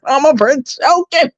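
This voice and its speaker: A woman hosting a casual gossip livestream, talking in a sassy, animated way and stretching words out for emphasis. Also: medium pitch, no echo, muffled recording. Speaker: livestream commentary host.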